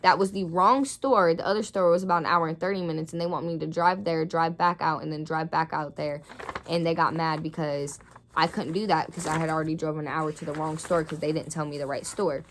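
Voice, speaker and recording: A young woman with a slightly low voice rants to camera in a storytime vlog. She is indignant and swears constantly as she tells the story, heated and blunt throughout. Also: fairly even intonation, fairly quick, a little hiss or hum. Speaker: vlogger.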